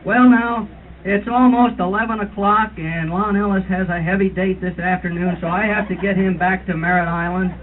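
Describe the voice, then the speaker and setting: A man's voice: high-pitched, fairly even intonation, moderate pace, natural voice. A man doing a comic roast impression of a fussy older birding tour leader, lecturing in a mock-authoritative way and imitating bird calls. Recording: tinny lo-fi 1970s tape with hiss.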